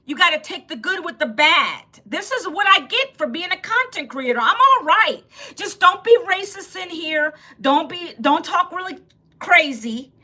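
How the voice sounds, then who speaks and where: High, bright-voiced woman in her fifties. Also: expressive, moderate pace. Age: 50s. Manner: chatty, talks straight to viewers' comments, laughs often. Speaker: live-stream host. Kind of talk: casual live-stream chat.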